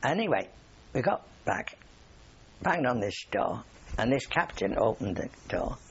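A man's voice: mid-range voice, big pitch swings, measured pace, husky, lo-fi sound. An older man, a war veteran, telling rambling anecdotes in an oral history interview and chuckling often.

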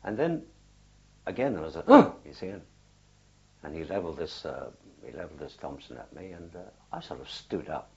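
An older man, a war veteran, recalling his experiences in an oral history interview, telling it haltingly with many fillers and restarts. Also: extremely low pitch, lively intonation, creaky, darkish tone, dull audio.

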